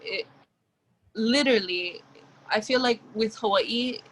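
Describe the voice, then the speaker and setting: A woman's voice: fairly high pitch, slow pace, poor audio. Casting note: young adult woman, laid-back guest, faint noise behind her. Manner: relaxed, hesitant, many fillers. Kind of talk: casual chat.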